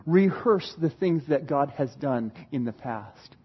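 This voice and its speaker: Male preacher, unhurried delivery, swings between loud storytelling and quiet emphasis. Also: on the high side, lively intonation, slightly rough, dull audio. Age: adult parent. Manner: dramatic, shifts from loud retelling to hushed emphasis. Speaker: pastor. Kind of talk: sermon.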